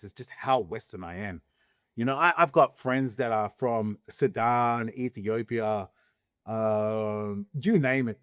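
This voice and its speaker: This vlogger's voice sits on the higher side, recorded with studio quality and no echo. Addressing the camera directly, he gives an emphatic, casual opinion piece full of rhetorical questions and restarted sentences.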